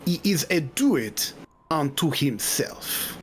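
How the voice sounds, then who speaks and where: A man running a tabletop game as game master, narrating in a relaxed, chuckling way. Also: a little high, slow pace, faint music behind.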